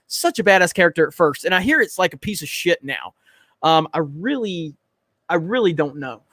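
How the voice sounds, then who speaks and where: Blunt, high-voiced man reading chat. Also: expressive, moderate pace, bright, forceful tone, dry recording. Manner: blunt, profane, joking. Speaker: livestream host.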